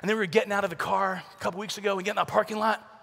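High bright-voiced guy telling funny stories to a youth crowd, gravelly edge, big echoey arena. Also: racing. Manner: animated storytelling, acts out voices with shouts and whispers. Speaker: youth conference speaker. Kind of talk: humorous youth talk. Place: large conference arena. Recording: large hall with long reverb.

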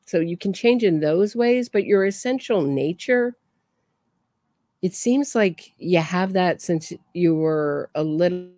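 Chatty woman with a lower voice. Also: a little mellow, no room sound, studio quality. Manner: chatty, laughs between remarks. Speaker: true crime commentator. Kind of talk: casual commentary.

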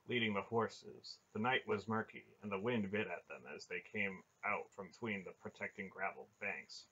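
A man reads a fantasy novel aloud in a steady, even manner. His voice is low, forceful and husky. The recording sounds dull and lo-fi. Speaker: audiobook reader. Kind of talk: storybook narration.

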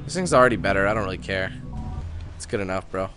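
A man's voice: sits low, lively intonation, quick pace. Casual, joking gamer man. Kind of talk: casual gameplay commentary. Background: game music.

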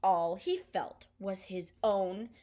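A woman art teacher with a mid-range voice speaks slowly, reading a picture book aloud before beginning a drawing lesson. Her storytelling is expressive and sing-song.

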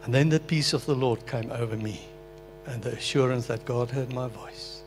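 A man's voice: medium pitch, moderate pace, a little mellow, soft background music. An older man from Africa, an earnest, emotional pastor sharing his personal testimony in a sermon. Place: meeting hall.

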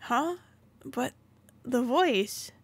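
A woman's voice: sits high, lively intonation, drawn-out words, breathy edge, dry recording, full character voice. A woman reading the lines of a frightened young girl in a game, speaking hesitantly. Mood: uneasy. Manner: hesitant, stammering.

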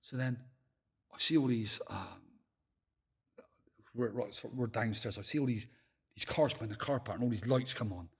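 Husky Bristol man telling rough stories. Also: mid-range voice, moderate pace, long pauses. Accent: Bristol English. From England. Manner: swears heavily, acts out dialogue, laughs while telling stories. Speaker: podcast guest. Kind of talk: casual storytelling.

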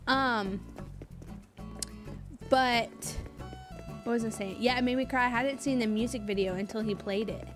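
A bubbly woman streaming a game, her voice sitting on the higher side as she gushes and thanks her viewers by name. She keeps up easy, casual chatter throughout. Soft game music plays faintly behind her. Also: unhurried, long pauses. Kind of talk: casual live-stream chat.

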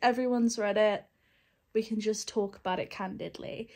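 A woman's voice: mid-range voice, fairly even intonation, moderate pace, a little mellow. A young woman in a casual book vlog, candid and sarcastic, laughing often. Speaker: book vlogger. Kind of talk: casual reading vlog chat.

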